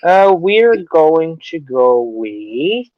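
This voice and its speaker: A man's voice: fairly high pitch, big pitch swings, very slow, no echo, muffled recording. A man co-hosting a casual podcast, rambling and joking with a lot of swearing. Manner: profane, rambling, jokey. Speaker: podcast co-host.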